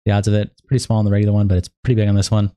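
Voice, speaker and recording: A man's voice: lowish voice, completely flat delivery, very fast, dark tone, clean tone, no room sound, studio quality. A young man hosting a livestream in a loose, casual way, cursing freely as he catches viewers up on progress. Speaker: livestream host.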